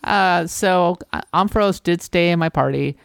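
A man co-hosting a casual podcast chat, talking in a relaxed way with frequent fillers and restarts. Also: high-pitched, moderate pace, gravelly, smooth, no room sound, clean studio sound. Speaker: podcast co-host.

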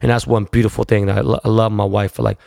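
Gravelly, low-voiced man in his thirties, casual profane podcast host, dry close sound. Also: little pitch movement, fast, a little mellow, dry recording. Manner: profane, laid-back storytelling with slang. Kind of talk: casual solo podcast storytelling.

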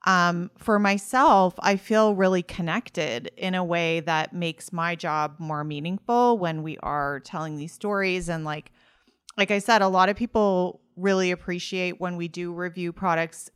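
A woman's voice: lowish voice, measured pace, smooth, dry recording, clean studio sound. A woman with a Valley Girl accent, a beauty podcast co-host chatting casually about her work. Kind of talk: casual conversation.

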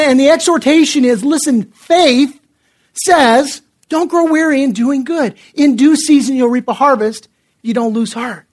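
A middle-aged male pastor preaching in a conversational way, telling self-deprecating stories and often restarting his sentences. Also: very high-pitched. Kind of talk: sermon.

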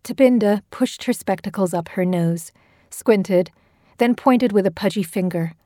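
A woman giving measured, scripted narration of a horror story. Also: mid-range voice, warm tone, no echo, studio quality.

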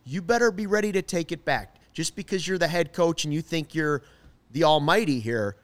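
A man's voice: fairly high pitch, lively intonation, normal speed. A man co-hosting a sports podcast, talking casually and emphatically, giving strong opinions on a studio mic. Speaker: podcast co-host.

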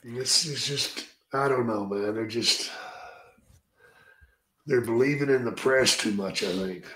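A man's voice: mid-range voice, unhurried, sharp tone. A man hosting a podcast in a casual interview, talking bluntly and swearing freely with strong opinions. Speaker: podcast host. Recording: roomy echo.

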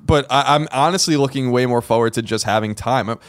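A podcast co-host talks fast in a medium-pitched voice, chatting casually but hesitantly and restarting his sentences often. The recording is dry, with clean studio sound.

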